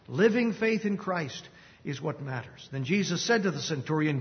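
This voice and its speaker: A man preaching an expository Bible teaching, measured and explanatory, with occasional filler pauses. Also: on the high side, lively intonation. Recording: long reverb, dull lo-fi sound.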